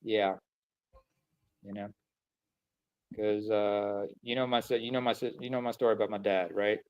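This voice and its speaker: A soft-spoken man chatting on a stream, halting and emotional. He starts and stops and searches for his words as he goes. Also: on the low side, fairly even intonation, clear, resonant tone, muffled recording. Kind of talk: casual chat.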